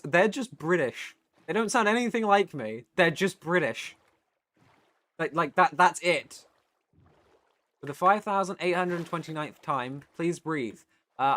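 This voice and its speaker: Male streamer from the UK, bright and forceful tone, loose rambling chat with casual swearing. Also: medium pitch. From United Kingdom. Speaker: streamer and voice actor.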